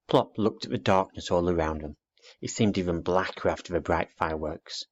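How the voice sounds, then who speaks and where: A man narrating a children's storybook aloud in an expressive read-aloud manner, dull lo-fi recording. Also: low-pitched, moderate pace.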